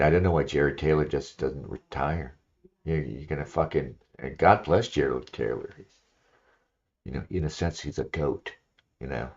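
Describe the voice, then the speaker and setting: A man's voice: very deep voice, darkish tone. A man hosting a solo livestream, talking in a rambling, opinionated way with lots of "you know" fillers. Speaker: livestream host. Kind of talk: casual solo livestream monologue, reading aloud at times. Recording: slightly dull lo-fi stream audio.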